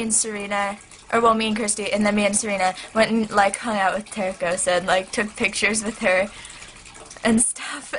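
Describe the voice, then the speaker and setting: Teen girl vlogger, crisp bright tone, gushing and rambling, soft aquarium filter hum behind her. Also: mid-range voice, poor audio. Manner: excitable, rambling, heavy use of "like". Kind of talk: casual chat to camera. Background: turtle tank filter hum.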